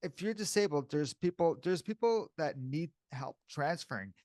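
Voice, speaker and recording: A man co-hosting a podcast talks casually and candidly, calling the other host "bro" and "dude." His voice is on the high side and a little mellow, with lively intonation at normal speed, in a dry, clean studio recording.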